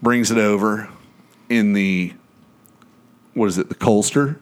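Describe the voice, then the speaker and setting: A man's voice: fairly low pitch, fairly even intonation, unhurried, smooth. Rambling, swearing sounding man. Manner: rambling storyteller, swears freely, acts out quotes. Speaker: podcast host. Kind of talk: casual chat.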